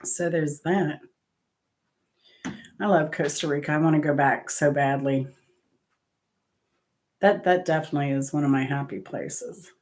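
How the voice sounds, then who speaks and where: With a low-pitched, darkish voice, a measured pace and long pauses, a woman who runs a music trivia channel chats casually. Her travel anecdotes ramble, and she laughs and corrects herself throughout.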